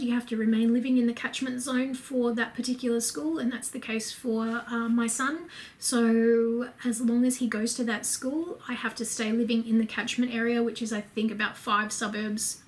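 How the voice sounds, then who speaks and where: A woman with an Australian accent talks to camera in a relaxed home vlog. Her voice sits a little higher than most. She is chatty and candid, drifting between asides and fillers as she answers viewer questions. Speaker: home and lifestyle vlogger. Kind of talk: casual Q&A chat to camera.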